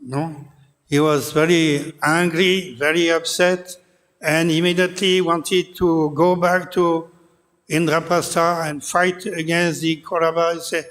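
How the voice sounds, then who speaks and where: A man giving a scripture class, speaking haltingly with many pauses and filler sounds. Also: fairly high pitch, little pitch movement, fairly bright tone. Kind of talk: scripture lecture retelling an epic. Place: temple hall. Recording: long hall reverb.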